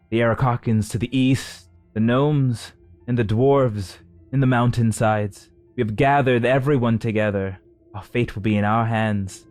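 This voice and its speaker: A man voicing a commanding woman who leads a council, proclaiming in a raised, forceful voice. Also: lowish voice, no room sound, pitched above the performer's own voice, close to an everyday voice. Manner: proclaiming, rallying a crowd.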